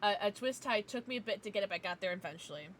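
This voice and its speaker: A young American woman streaming casually, chatting with viewers in an animated, ranting way and laughing often. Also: mid-range voice, rapid-fire, a little hiss or hum. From United States. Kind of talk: casual livestream chat with viewers.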